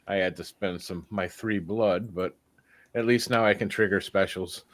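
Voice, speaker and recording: A man's voice: sits low, steady tone, normal speed, fairly bright tone. A man playing a tabletop game, bantering and laughing with the others. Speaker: player. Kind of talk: tabletop role-play.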